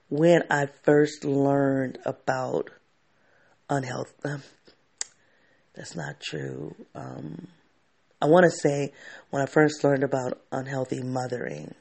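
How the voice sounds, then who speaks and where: A man's voice: medium pitch, takes it slowly, gravelly, pauses often, darkish tone. A man telling a candid personal story to camera, reflective and often restarting his sentences.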